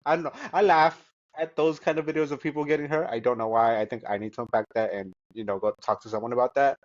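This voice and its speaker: A man's voice: mid-range voice, fairly even intonation, quick pace, no echo. A male podcast co-host who rambles through his thoughts with plenty of fillers and an easy, giggly manner. The recording sounds dull and dry, with no room sound. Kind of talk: casual chat.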